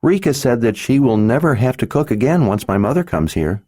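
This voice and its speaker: A man narrating an audiobook and voicing an earnest, serious little orphan girl in a high childlike voice. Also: sing-song, fairly quick, warm tone, no echo, studio quality. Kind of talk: audiobook character voice.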